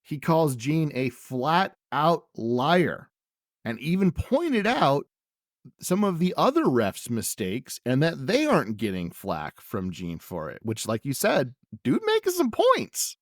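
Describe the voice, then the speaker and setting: A man's voice: medium pitch, slow, no echo, studio quality. A man co-hosting a podcast, casually recapping wrestling and giving each segment a letter grade. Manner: relaxed, hands out letter grades. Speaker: podcast co-host.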